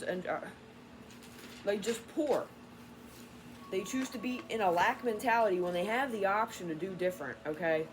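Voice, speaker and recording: A woman tarot reader ranting in an unscripted vlog, irritated and profane, rambling and getting louder. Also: mid-range voice, animated, brisk, a little hiss or hum, rough recording. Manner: grows louder and more heated.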